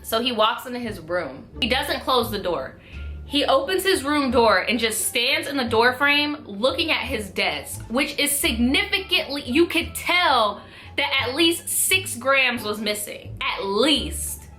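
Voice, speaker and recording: A woman in her twenties telling a storytime vlog in an animated, profane, slangy way. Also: on the high side, measured pace, faint music behind. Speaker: vlogger.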